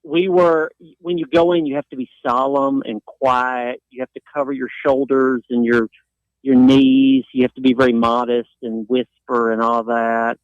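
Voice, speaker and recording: Middle-aged guy from tennessee on sports radio, spins animated stories, dry close mic. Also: medium pitch, normal speed, dry recording, dull audio. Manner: animated storyteller, acts out voices. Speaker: guest sportswriter. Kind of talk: casual radio chat.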